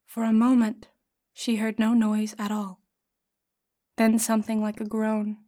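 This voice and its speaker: A woman's voice: a little high, completely flat delivery, unhurried, mellow. Woman reading a classic story aloud. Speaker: audiobook reader. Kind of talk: scripted narration of a classic story.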